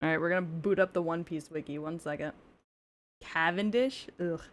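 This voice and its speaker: A woman's voice: low-pitched, normal speed. A woman streaming gameplay, chatting casually with frequent swearing and joking asides.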